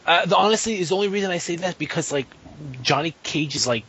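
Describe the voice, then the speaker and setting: A man's voice: high voice, lively intonation, fast, a bit bright, husky. A man breaking down fighting game matchups in loose casual talk, full of fillers and swearing. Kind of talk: casual podcast chat. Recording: muffled lo-fi podcast audio.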